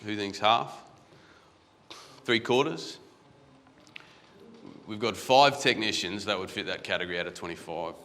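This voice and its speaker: Speaking a little slowly and pausing often, an Australian man addresses a large conference hall as a guest speaker. His voice is fairly low, bright and forceful, with fairly even intonation. The casual, anecdotal talk has frequent restarts with repeated words, and the room sounds echoey.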